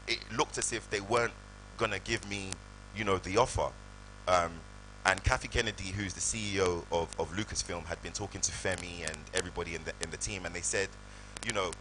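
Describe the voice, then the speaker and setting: With a low voice, this British guest actor animatedly tells anecdotes on stage before an audience in a live event hall, acting out the voices. The rough recording carries a slight hiss or hum.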